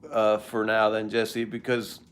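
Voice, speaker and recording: A man's voice: fairly low pitch, completely flat delivery, a little slow, fairly bright tone, smooth. An older man hosting a live stream, chatting casually with viewers in a rambling, joking way.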